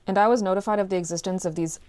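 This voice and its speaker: A woman giving exasperated, animated commentary on a news story, her voice dropping low and then rising into loud outbursts. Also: very fast. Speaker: commentary vlogger.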